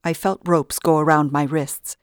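A woman narrating a first-person audiobook in a steady storytelling manner. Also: deep voice, a little slow, no room sound, studio quality.

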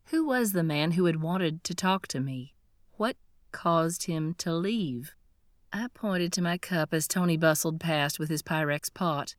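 A woman reads a first-person story in a steady, scripted narration. Her voice sits on the low side, and the recording is dry and close with no room sound. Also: measured pace, dry recording. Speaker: audiobook narrator.

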